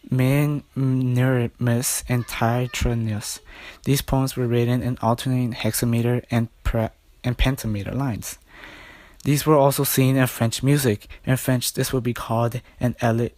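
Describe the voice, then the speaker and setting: A man's voice: medium pitch, darkish tone, no echo. A young man reading a class presentation, correcting small slips as he goes. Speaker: student presenter.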